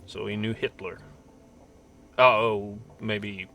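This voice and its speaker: A man's voice: lowish voice, fairly even intonation, takes it slowly, sharp tone. A man hosting a casual game stream, rambling with lots of fillers and poking fun at himself while reading game text aloud. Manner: rambling, self-mocking, many fillers. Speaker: streamer host.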